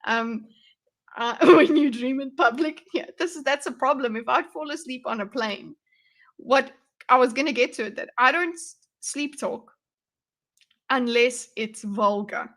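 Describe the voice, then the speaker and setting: A woman's voice: high-pitched, measured pace, a bit bright. A woman hosting a casual livestream chat, laughing often and swearing freely. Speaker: streamer host.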